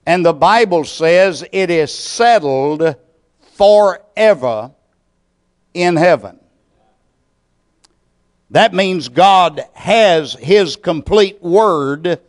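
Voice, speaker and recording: Brief: male pastor, fairly high voice, unhurried measured sermon and prayer. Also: animated. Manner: slow, deliberate preaching with measured pauses.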